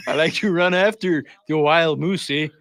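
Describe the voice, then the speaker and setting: A man's voice: on the high side, expressive, normal speed, a bit bright. A man putting on a jokey, stereotyped Canadian man, sing-song and exaggerated, tagging his lines. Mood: joking.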